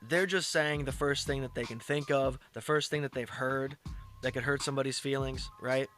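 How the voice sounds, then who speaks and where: A man's voice: medium pitch, steady tone, normal speed, a bit bright, faint music behind. A man giving casual, blunt commentary on a clip, lecturing and swearing now and then. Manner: lecturing, blunt, profane asides.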